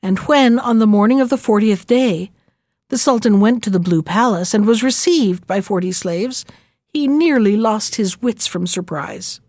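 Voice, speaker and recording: A woman narrating a fairy tale in a measured, gentle storytelling manner. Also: medium pitch, dry recording, studio quality. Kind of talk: storybook reading.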